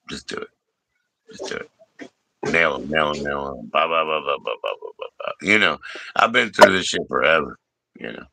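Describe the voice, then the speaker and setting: A man's voice: a bass voice, gravelly, pushed and bright. A man hosting a livestream in casual chat, joking, teasing and swearing freely. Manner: joking, profane, teasing banter. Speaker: livestream host.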